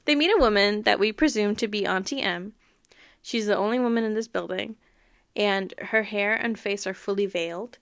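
A woman with a medium-pitched voice speaks at a moderate pace. She hosts a podcast and gives a casual, chatty recap of a book and its TV adaptation, frequently laughing along the way.

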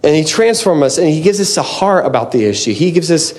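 Male preacher, slightly high voice, earnest and conversational, prone to restarts. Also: animated, a little fast, a little mellow. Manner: earnest, restarts often, says "man" and "like". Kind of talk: conversational sermon.

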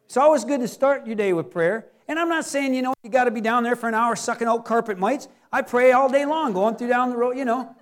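A man's voice: extremely high pitch, fairly quick, hardly any pauses. A middle-aged man preaching a sermon as pastor, folksy and joking, acting out little scenes.

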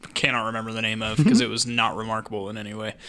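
A man's voice: fairly low pitch, little pitch movement, rapid-fire, sharp tone. A man chatting casually on a podcast, rambling a bit and restarting his sentences. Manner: rambling, restarts, laughs often. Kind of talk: casual chat.

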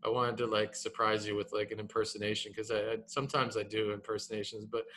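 A man in his thirties co-hosting a casual podcast, animated and repeating his words, tagging "man" onto his sentences. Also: lowish voice, fast talker, slight background noise. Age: 30s. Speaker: podcast co-host.

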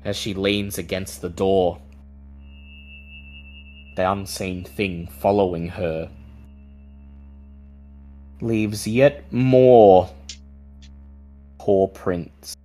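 A woman runs a tabletop horror game as game master, her voice extremely low and unhurried. She builds suspense line by line as faint music plays underneath. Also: steady tone, mellow, poor audio. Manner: slow, suspenseful narration.

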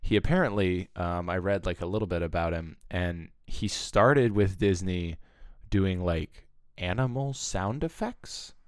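A man co-hosting a podcast in relaxed, chatty talk with plenty of fillers. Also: low-pitched, measured pace, clean tone, no echo, clean studio sound. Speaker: podcast co-host. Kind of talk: casual podcast chat.

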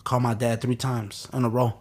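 An adult man from Chicago, an interview guest, tells the story of his own life in a plain, mid-pitched voice with a level, darkish tone. His storytelling is halting and blunt, rough and profane, and he restarts his sentences often.

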